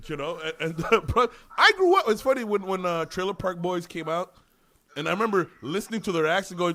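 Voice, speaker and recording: A man co-hosting a podcast in casual chat, animated, laughing often and swearing. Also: high-pitched, fairly quick. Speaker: podcast co-host.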